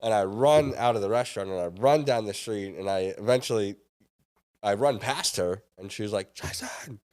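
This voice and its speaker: A man's voice: lowish voice, moderate pace, a little mellow, clean tone. A man in his thirties, a podcast guest, telling a story casually and acting out the dialogue.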